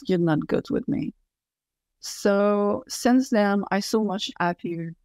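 A French Canadian woman in her fifties speaks English at an unhurried, deliberate pace, her first language being French. She is blunt and emphatic as an interview guest. Her voice sits at a middle pitch and sounds dry and close. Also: darkish tone, no echo. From Quebec City, Canada. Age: 50s. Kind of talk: casual interview chat.

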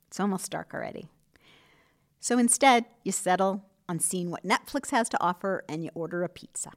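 A woman hosting a podcast, giving scripted relationship advice in an earnest, expressive way with soft asides. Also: lowish voice, moderate pace. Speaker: podcast host.

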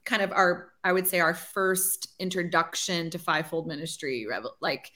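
A woman's voice: fairly low pitch, fairly even intonation, moderate pace, sharp tone. A woman in her forties, a ministry leader, telling her story in an interview, chatty and full of "like", acting out her past thoughts. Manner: chatty, says "like" often, acts out her own past thoughts. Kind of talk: conversational testimony.

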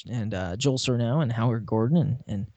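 Casual male podcast co-host, mid pitch, jokey and rambling, close dry mic. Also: fairly quick, warm tone, no room sound. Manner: jokey, laughs often, rambling restarts. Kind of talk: casual chat.

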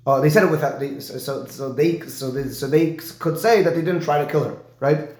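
A man teaching a Talmud lesson, explaining Rashi and checking in with his student with a quick "right?". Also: a little high, darkish tone. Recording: echoey room.

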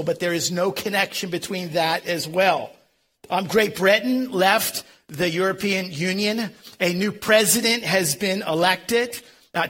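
A man's voice: high voice, bright, forceful tone. A man in his fifties with a Philadelphia accent, preaching a sermon as a pastor in a folksy, self-deprecating way.

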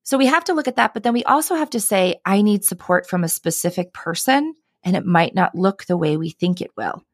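A woman's voice: on the low side, expressive, a little fast, no echo, clean studio sound. A woman in her thirties, a podcast guest, telling personal stories earnestly and with animation, often adding "right?" and "I mean". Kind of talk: conversational interview.

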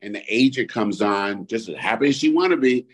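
A man co-hosting a podcast, chatting casually and getting worked up, swearing and jumping to high outbursts when riled. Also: expressive, brisk, breathy edge. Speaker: podcast co-host. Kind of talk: casual chat.

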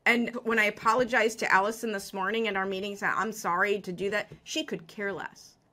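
A middle-aged woman, a business coach, talking in a lively, self-deprecating way with frequent laughs in a conversational interview. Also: medium pitch, a little fast.

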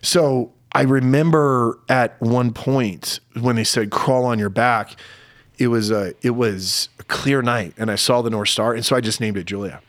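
A middle-aged man tells a personal story in a candid, halting way, and his voice sometimes wavers with emotion. He sits close to the mic in a dry room with no echo. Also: mid-range voice. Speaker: podcast guest.

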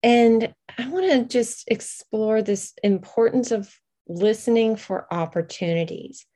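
A woman hosting an interview, speaking in a measured, reflective way. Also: fairly high pitch, mellow. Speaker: host.

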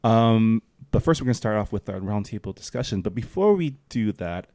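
A man's voice: lowish voice, animated, brisk, warm tone, no echo. A man co-hosting a podcast in casual chat, easygoing and laughing often. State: tired. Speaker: podcast co-host.

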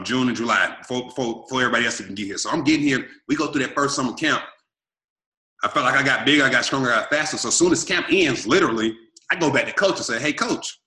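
A man in his thirties from Arkansas, telling his life story in an energetic, emphatic way and acting out what he and others said. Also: mid-range voice, echoey room. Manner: energetic, repetitive and emphatic, quotes himself and others. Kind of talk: animated storytelling.

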